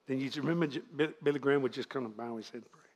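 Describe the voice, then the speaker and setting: A man in his seventies with a Louisiana Cajun accent preaches to a congregation, telling stories in a folksy, animated way. His voice is mid-range and his delivery rapid-fire.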